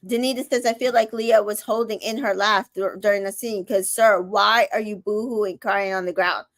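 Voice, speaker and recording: A woman's voice: mid-range voice, fairly even intonation, moderate pace. A woman hosting a casual show recap, reading viewer comments aloud and giving sassy, opinionated reactions.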